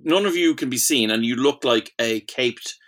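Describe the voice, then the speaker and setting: A man's voice: medium pitch, normal speed, a bit bright. A man hosting a comedy podcast, telling stories in an enthusiastic, casual way and laughing often. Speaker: podcast host.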